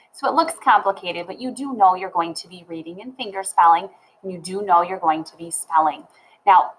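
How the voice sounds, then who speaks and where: A woman gives a phonics lesson to young children at a middle pitch. She sounds out each word part slowly and clearly. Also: poor audio. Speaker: teacher.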